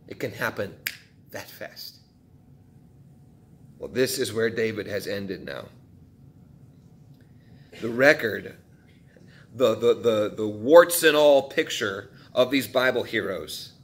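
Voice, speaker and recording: A male pastor preaching a sermon in a conversational way, asking his listeners questions and acting out quotes from the text. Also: medium pitch.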